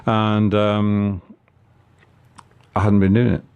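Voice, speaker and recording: A man's voice: fairly low pitch, level tone, a little mellow, clean tone, lo-fi sound. A man telling a personal story in casual conversation, with frequent halts and restarts. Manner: halting, many restarts. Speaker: guest.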